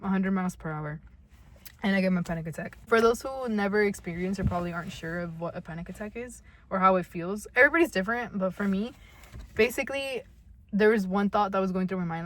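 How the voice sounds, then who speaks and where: A woman's voice: medium pitch, fast. A young woman from California co-hosting a podcast, telling a story in casual chat. She swears freely, leans on "like," and acts out her own past lines. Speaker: podcast co-host.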